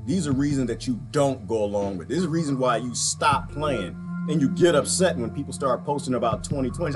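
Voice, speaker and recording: A man's voice: medium pitch, big pitch swings, fairly quick. A man giving a fired-up, repetitive political rant while commenting on a video clip. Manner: impassioned, repetitive, preachy. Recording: music playing underneath.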